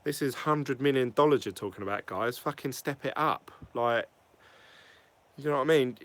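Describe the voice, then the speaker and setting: A man's voice: medium pitch, moderate pace, dry recording. Blunt, swearing man vlogging. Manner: blunt, rambling, swears freely. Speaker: crypto vlogger. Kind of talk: casual opinion vlog.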